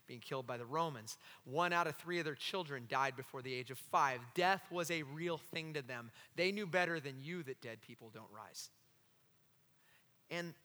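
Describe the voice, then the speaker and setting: A male pastor preaching an impassioned sermon, swinging from loud cries down to hushed, intense lines and acting out the voices he quotes. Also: a little high, big-room sound.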